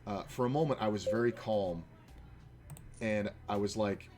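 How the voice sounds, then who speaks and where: A man's voice: fairly low pitch, moderate pace, music in the background. A man, a poker player and former dealer, telling rambling, profane stories full of fillers while he plays online poker. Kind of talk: casual storytelling while playing online poker.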